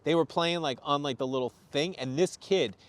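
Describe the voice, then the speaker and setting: A man from Boston, a comedian guest on a podcast, telling animated stories and acting out what people said. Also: fairly high pitch, moderate pace. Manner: animated storyteller, acts out quotes. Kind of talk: casual podcast chat.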